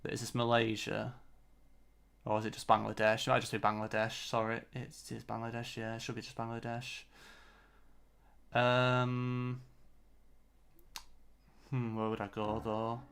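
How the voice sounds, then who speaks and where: A man's voice: mid-range voice, monotone, a little slow, vocal fry, pauses often, fairly bright tone, clean tone. A man giving live commentary on his own competitive game, frustrated and self-critical. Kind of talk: live-streamed match commentary.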